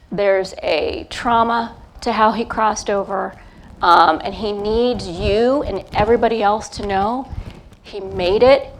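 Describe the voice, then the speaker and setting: A middle-aged woman, a psychic medium, gives a gentle, hesitant live reading before an audience, pausing often as she feels her way. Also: medium pitch, slight background noise. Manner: gentle, hesitant, feeling her way with many pauses. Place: event talk in front of a live crowd.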